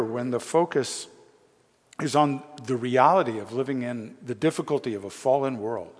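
A man's voice: fairly low pitch, husky, long reverb tail. A man preaching a sermon, reading scripture aloud and pressing its points with earnest, rising emphasis. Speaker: pastor.

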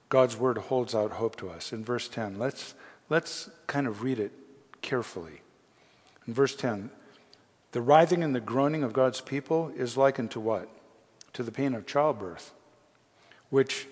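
A man's voice: mid-range voice, husky, in a large hall. A man preaching a sermon, reading scripture aloud and pressing its points with earnest, rising emphasis. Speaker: pastor.

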